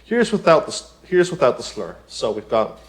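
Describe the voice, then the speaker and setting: A man teaching piano in a relaxed tutorial, talking chattily, with many "you know" asides and rhetorical questions. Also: mid-range voice, moderate pace. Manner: explains with everyday examples. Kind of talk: casual spoken tutorial.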